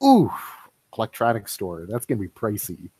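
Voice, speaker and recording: A man narrating a tabletop game as game master, halting with many fillers. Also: lowish voice, huge pitch swings, dark tone, slightly rough.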